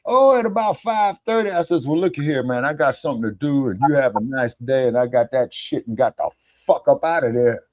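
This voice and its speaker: A man's voice: mid-range voice, expressive, fairly quick, few pauses, dry recording. Male co-host, folksy storyteller who curses a lot and plays every part in his own yarns; the audio comes through dull and dry. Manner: folksy storyteller, swears freely, acts out dialogue. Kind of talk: casual chat on an online talk show.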